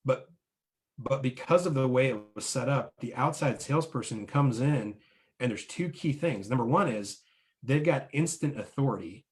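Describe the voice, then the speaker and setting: A man in the middle of a sales coaching talk, his voice at an ordinary pitch for a man. He lays out points one by one and keeps checking in with his listeners. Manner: coaching, often ends points with "right?"; explains with numbered steps and analogies. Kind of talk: instructional talk to business owners.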